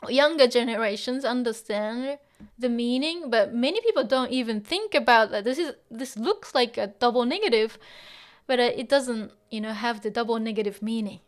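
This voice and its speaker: A woman with a fairly high voice teaches Japanese in a casual lesson at a normal pace. She explains in English while mixing in Japanese phrases, using lots of fillers and laughing often as she goes.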